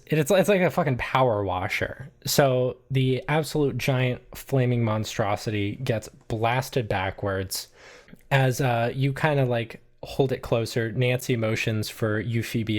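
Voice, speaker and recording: Man, game master, mid pitch, laid-back, swears, lots of fillers. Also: measured pace. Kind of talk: narrating a tabletop game.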